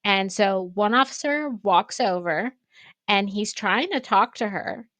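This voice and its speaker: A woman co-hosting a podcast, telling a story in an animated, casual way and swearing freely. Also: medium pitch, measured pace, no echo. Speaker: pottery studio co-owner and podcast host.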